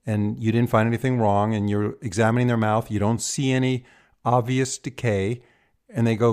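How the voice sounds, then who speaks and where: A man hosting a podcast interview, asking questions and praising the answers in a measured way. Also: mid-range voice, flat delivery, darkish tone, clear, resonant tone. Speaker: podcast host, dentist.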